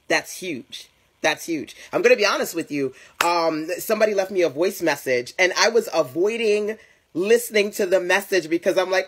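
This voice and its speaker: Husky-voiced woman coaching viewers live. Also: fairly low pitch, fairly quick. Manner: chatty, greets viewers and addresses them directly. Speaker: business coach. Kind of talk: live-stream motivational talk.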